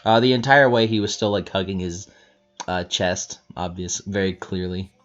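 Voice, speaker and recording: A man narrating a tabletop game as game master, halting and searching for words, on a dull lo-fi recording. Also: low voice, steady tone, fairly bright tone, soft background music.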